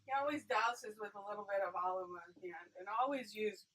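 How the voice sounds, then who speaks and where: A woman's voice: mid-range voice, fast, recorded from a distance, heavy background noise. A woman chef chatting casually while demonstrating a dish in a food truck kitchen. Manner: chatty, explaining as she cooks. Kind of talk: cooking demonstration.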